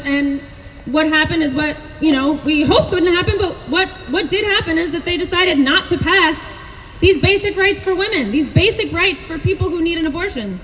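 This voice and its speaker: A woman giving a rapid, emphatic rally speech at an outdoor protest and leading chants, repeating her phrases for force. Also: very high-pitched, fairly bright tone, long reverb tail, a little hiss or hum. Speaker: protest speaker. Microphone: handheld camera at distance.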